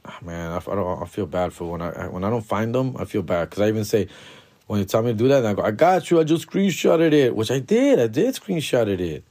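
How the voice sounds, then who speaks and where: A man's voice: lowish voice, big pitch swings, fast, mellow. A young man hosts a casual solo podcast in a loose, profane way, calling listeners bro, fool and dog. He mutters to himself while he digs through his notes, then picks the talk back up. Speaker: podcast host.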